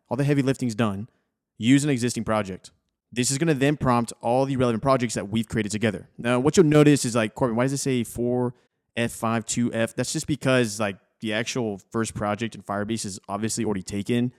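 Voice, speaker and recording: A young adult man narrating a software tutorial over his screen, casual and encouraging. His voice sits at an ordinary middle pitch, and he keeps an easy, conversational flow as he guides viewers through each step. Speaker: coding tutorial host.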